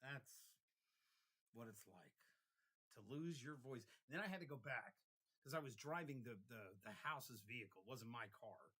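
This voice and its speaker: A young man talking casually in a rambling vlog monologue, drifting between tangents and getting loud when worked up. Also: mid-range voice, lively intonation, normal speed, slightly rough, poor audio. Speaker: vlogger.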